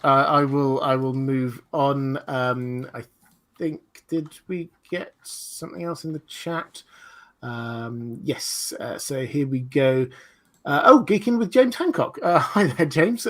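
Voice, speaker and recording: A man's voice: a little high, a little slow, a bit bright. A man hosting a livestream discussion, talking in a rambling, digressive way with many fillers and restarts. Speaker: host.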